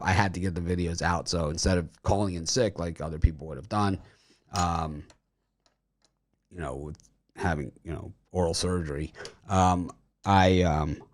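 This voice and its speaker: Casting: male betting host, very low voice, rambling casual delivery, mouth swollen after dental surgery. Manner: rambling, loose, with many fillers and restarts. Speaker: host of a sports betting picks show. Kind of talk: casual chat.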